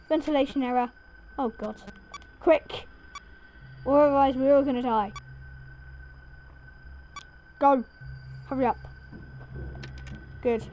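A woman giving let's play commentary on a horror game, panicky and excitable, jumping between anxious mutters and shrieks. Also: sits high, slow, pauses often, slight background noise. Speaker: gaming video creator.

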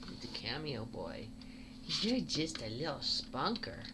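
A woman's voice: a bass voice, big pitch swings, unhurried, very noisy. A woman cat breeder narrating a casual home video, cooing baby talk at kittens.

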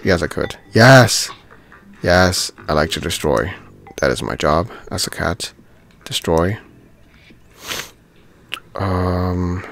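A man's voice: low voice, vocal fry. A man giving casual commentary while playing a video game, thinking aloud and easily delighted by small things. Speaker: gaming channel host.

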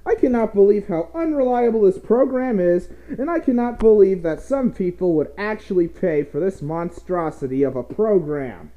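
A vlogger rants in an exasperated, comedic way and piles on repeated complaints. The pitch swings widely up and down. The tone stays mellow and dark. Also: expressive, moderate pace, hardly any pauses. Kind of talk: comedic rant.

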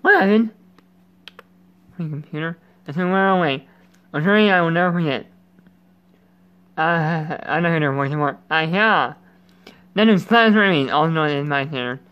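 A man's voice: a little high, moderate pace, long pauses, smooth, lo-fi sound. Rambling young gamer guy. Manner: rambling, self-interrupting, goofy. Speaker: gaming channel host. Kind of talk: casual let's-play commentary.

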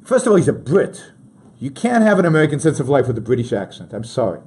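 A man's voice: medium pitch, very animated, fast talker, darkish tone, breathy edge. A man hosting a talk show, giving emphatic political commentary and addressing his listeners directly, often restarting his sentences.

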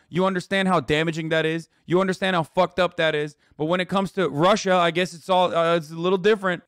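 Angry high-voiced male streamer ranting. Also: fairly bright tone, clean tone, dry recording, studio quality. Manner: angry, profane, reads news aloud then rants at chat. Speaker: streamer reacting to news. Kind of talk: heated livestream rant.

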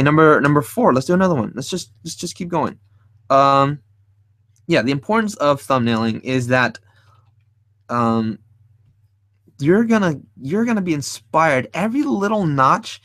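A man's voice: on the high side, fairly bright tone, no room sound. A man hosting a casual live drawing tutorial, rambling and thinking aloud as he sketches, adding playful sound effects. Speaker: art stream host.

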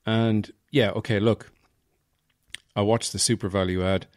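A man's voice: fairly low pitch, steady tone, a little slow, no echo, clean studio sound. An Irish man hosting a podcast, telling stories in a rambling, wry, self-mocking comic monologue. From Ireland, Offaly. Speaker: podcast host.

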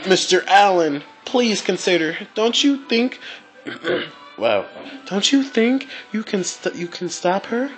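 A man's voice: high-pitched, very animated, slow pace, faint music behind, voice pushed up, heavily acted, poor audio. A man reading a pleading adult woman's game dialogue aloud in a raised voice.

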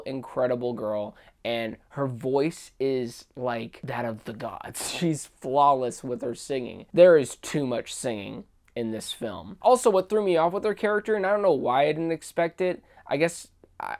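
A man's voice: mid-range voice, a little mellow. Enthusiastic young man reviewing a film. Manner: enthusiastic, opinionated, frequent restarts. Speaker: movie reviewer. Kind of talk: casual spoken film review.

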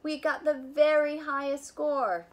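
A woman's voice: medium pitch, unhurried, natural voice. A woman voicing a fretful, tearful male school principal from a picture book, speaking in an anxious, mournful way. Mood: jubilant. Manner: anxious, mournful storybook delivery.

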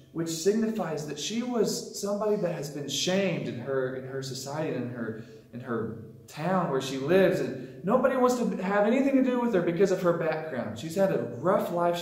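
A man's voice: on the high side, a little mellow. A man teaching a Sunday school lesson, retelling a scripture story in a casual way and putting on voices for the people in it. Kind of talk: sermon storytelling. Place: church. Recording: echoey room.

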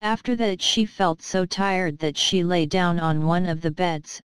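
A woman reads a fairy tale in slow, careful scripted narration meant for English learners. Her voice is very clear and smooth and sits slightly low. The recording is dry and close, with no room sound. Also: dry recording, low-quality recording. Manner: careful, evenly paced reading. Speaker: storybook narrator.

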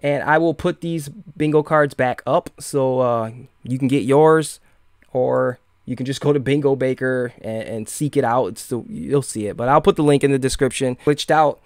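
A man's voice: mid-range voice, normal speed, clean tone, no echo, clean studio sound. Sarcastic rambling man, Michigan accent. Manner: rambling, sarcastic, many fillers and restarts. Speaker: podcast host. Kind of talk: casual live-stream monologue.

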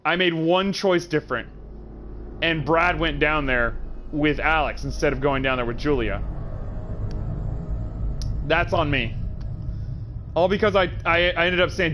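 A man streaming a game live, chatting in an animated, joking and profane way. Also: fairly high pitch, a little slow, long pauses, slight background noise. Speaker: gaming streamer. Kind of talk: casual live-stream commentary.

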